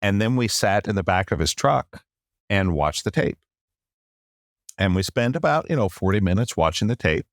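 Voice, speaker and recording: A middle-aged man in a podcast interview, telling a long personal story with lively acted-out quotes and a habit of saying "long story short". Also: lowish voice, normal speed, no room sound, clean studio sound. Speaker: podcast guest.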